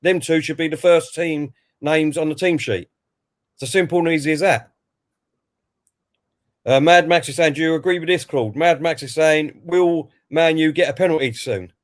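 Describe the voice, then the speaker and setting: A fairly high-voiced man talks through a football match as it happens. He reads out messages from viewers and then answers them in a chatty, easygoing way. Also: normal speed. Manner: chatty, reads out chat messages and then gives his view. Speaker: co-host of a football watch-along stream. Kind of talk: live match commentary and reading viewer comments.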